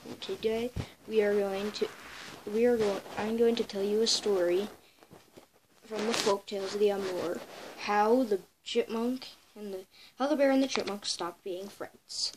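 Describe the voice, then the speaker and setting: A woman's voice: mid-range voice, fairly even intonation, unhurried, noisy background. A girl telling a folk tale for a home video, reading with many stumbles and self-corrections. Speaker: storyteller.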